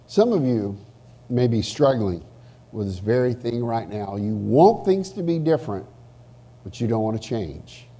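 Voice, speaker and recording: A pastor preaching a sermon in church, animated, swinging from loud emphasis to hushed asides. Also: male voice, mid-range voice, a little slow, slightly rough. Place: church sanctuary.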